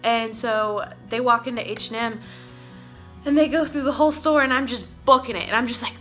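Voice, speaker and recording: A young woman from Oklahoma tells a rambling, excitable story straight to her camera. Her voice sits a touch high with a bright, forward tone. She keeps breaking into little giggles, with faint music underneath. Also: moderate pace. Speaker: vlogger. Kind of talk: casual storytime vlog.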